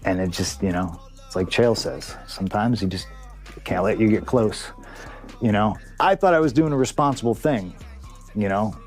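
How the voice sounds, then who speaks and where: A man's voice: lowish voice, normal speed, soft background music. A man, a pro wrestler, bluntly telling a backstage story in an interview, swearing freely and acting out the voices of the people involved. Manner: blunt, profane, acts out quoted dialogue.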